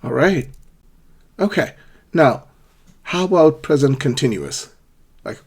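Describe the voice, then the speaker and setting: Husky-voiced man teaching English grammar. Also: medium pitch, animated, slow, pauses often. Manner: patient, repeats examples with clear question intonation. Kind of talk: ESL grammar lesson.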